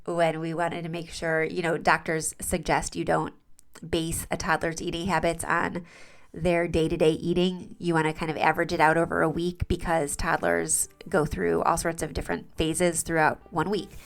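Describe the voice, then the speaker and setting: A woman's voice: deep voice, level tone, moderate pace, creaky, faint music behind. A woman in her forties hosting a podcast, chatting casually and enthusiastically about family life and reading a sponsor message. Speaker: podcast host.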